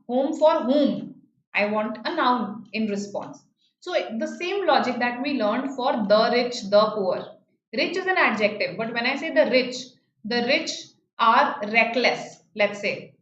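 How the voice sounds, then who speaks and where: A woman with an Indian English accent teaching an online grammar lesson, explaining patiently and checking in with her students. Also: fairly high pitch. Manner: explains patiently, repeats key phrases, checks with "right?". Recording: slightly dull, roomy, faint noise.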